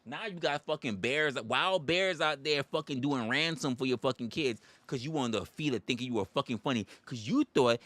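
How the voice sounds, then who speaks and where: A man's voice: medium pitch, moderate pace, hardly any pauses, fairly bright tone, no echo. A man hosting a livestream, ranting comically and profanely. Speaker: livestream host. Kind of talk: comedic rant.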